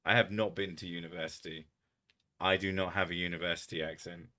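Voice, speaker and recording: A man's voice: low-pitched, flat delivery, a little fast, pushed and bright. A man from England with a southern English accent, chatting casually on a livestream, swearing freely and laughing often. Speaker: streamer.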